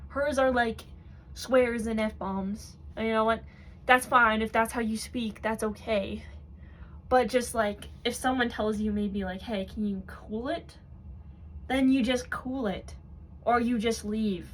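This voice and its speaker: A woman's voice: on the high side, fairly even intonation, measured pace, a little hiss or hum. A woman hosting a commentary video, ranting in a mocking, exasperated way. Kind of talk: sarcastic commentary.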